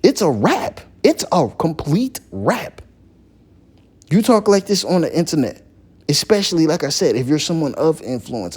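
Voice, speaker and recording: Husky dude venting on his vlog, voice swings all over, keeps repeating himself. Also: a little mellow. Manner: impassioned, repeats phrases, climbs high when heated. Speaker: YouTuber. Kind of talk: opinion vlog rant.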